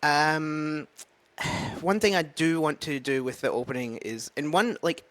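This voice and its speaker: A man's voice: on the high side, measured pace, a bit bright. A man with a Scottish accent, an open mic comedian, chatting casually in a vlog, rambling and thinking aloud with many fillers. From Scotland. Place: at home with a dog.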